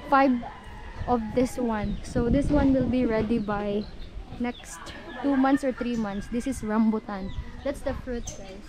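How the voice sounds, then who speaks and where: A young Filipino woman vlogs while touring her mountain farm on a handheld phone, her voice a little high. She's chatty and upbeat with viewers, often calling them "guys." The outdoor phone recording is noisy.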